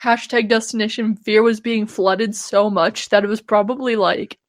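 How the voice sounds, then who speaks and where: A woman's voice: mid-range voice, fairly even intonation. A woman in her twenties co-hosting a podcast, chatty and sweary in casual conversation. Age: 20s. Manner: chatty, swears often, quick to laugh along. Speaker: podcast co-host. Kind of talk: casual chat.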